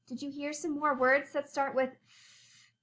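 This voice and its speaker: Bright high-voiced woman teaching young kids. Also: measured pace. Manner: animated, sing-song, talks to young children. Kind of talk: children's phonics lesson.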